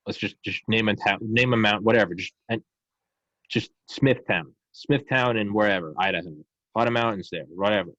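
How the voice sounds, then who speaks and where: A man in casual podcast chat, ranting in a profane, animated way and slipping into mocking voices. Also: lowish voice, moderate pace, no room sound, dull audio.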